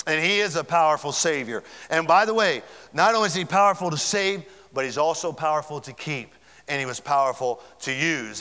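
A man's voice: a little high, bright, forceful tone, in a large hall. A man preaching a sermon as pastor, fervent and building in volume as he speaks.

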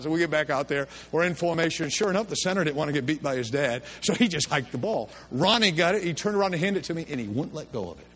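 A man's voice: fairly high pitch, lively intonation, fast, hardly any pauses, a bit bright. A middle-aged man preaching a sermon in a church service, telling stories in a folksy, chuckling way. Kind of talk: sermon with storytelling.

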